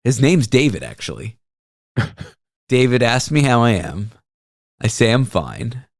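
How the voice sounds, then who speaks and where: A man's voice: mid-range voice, sing-song, measured pace, creaky, dry recording, clean studio sound. A man hosting a talk show, telling a travel story in a casual, self-deprecating way. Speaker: radio show host.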